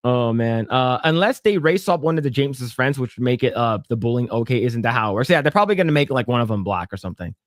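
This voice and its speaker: A fast-talking, animated podcast co-host with a medium-pitched voice barely pauses as he reads comments aloud. The studio sound is clean with no echo, and his jokey delivery is full of stammered restarts and mock voices.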